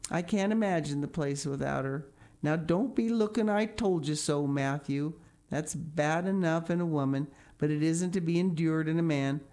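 Lady putting on a strict old farm woman, brisk and scolding, dry. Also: low-pitched, warm tone. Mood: grudgingly fond. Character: stern, practical older woman guardian.

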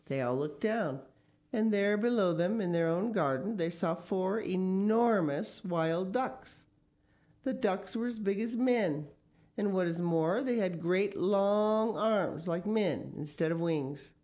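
A woman's voice: mid-range voice, slow pace, mellow. A woman reading a children's story aloud expressively, with casual asides. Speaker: story reader.

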